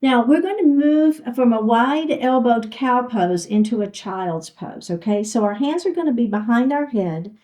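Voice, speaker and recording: A woman's voice: a little high, lively intonation, measured pace, hardly any pauses, warm tone, poor audio. A woman teaching a chair yoga class, giving encouraging step-by-step cues for each move. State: a little out of breath. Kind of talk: guided fitness class instruction.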